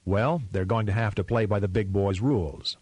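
A man's voice: on the low side, moderate pace, breathy edge, no echo. A man reading a coldly furious president. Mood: cold fury. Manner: quiet, clipped, menacing. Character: furious, grimly calm male president.

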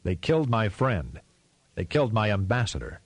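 A man reading the lines of a male president, speaking quietly in a clipped, menacing way, his anger held tightly under control. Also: fairly low pitch, sing-song, moderate pace, husky, dry recording, full character voice. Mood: cold fury. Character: furious, grimly calm male president.

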